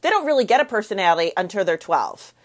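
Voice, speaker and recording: A woman who works with families talks in an expressive, explanatory way and acts out what babies and parents might say. Her pitch moves widely up and down. She sounds relaxed and conversational. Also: quick pace. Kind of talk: casual chat.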